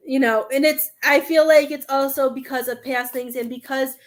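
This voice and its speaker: A woman's voice: sits high, fairly even intonation, moderate pace, hardly any pauses, a little hiss or hum. Earnest woman giving a tarot reading. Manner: earnest, rambling, emotional, many fillers. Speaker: tarot card reader.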